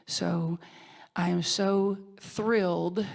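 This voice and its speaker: A woman's voice: fairly low pitch, steady tone, drawn-out words, gravelly, a little mellow. A woman minister giving an emotional award tribute, heartfelt and tearful, laughing at times and sometimes dropping to a whisper. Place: conference hall stage.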